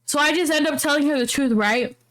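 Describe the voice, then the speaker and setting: A woman's voice: sits high, a little fast, fairly bright tone. A young woman co-hosting a podcast, retelling a story in a casual, slangy, swearing way. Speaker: podcast co-host.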